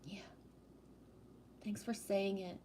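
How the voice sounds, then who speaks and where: In a casual livestream, a woman reads her viewers' comments aloud, projecting her voice and fondly calling them sweetie. Her voice sits in the mid-range, with a warm, level tone and a slow pace. A little background noise is audible.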